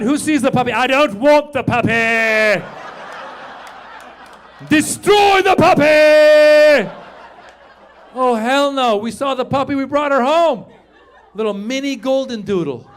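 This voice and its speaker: A middle-aged man from Iran working a stand-up crowd with a fairly high, lively voice. He is animated and acts out everyone in his stories, and he climbs into loud, shouted punchlines. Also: a little hiss or hum. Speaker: stand-up comedian. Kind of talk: stand-up comedy. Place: comedy stage before a live audience.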